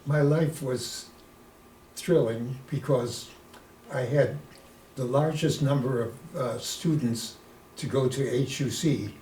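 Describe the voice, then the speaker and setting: An elderly man in his nineties spins lively stories as an interview guest, peppering them with Yiddish words. He sits away from the mic in an echoey room. A faint hiss runs underneath. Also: medium pitch, slow, distant mic. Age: 90s. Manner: lively storyteller who sprinkles in Yiddish words. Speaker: guest, retired rabbi. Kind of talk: anecdotal storytelling in an interview.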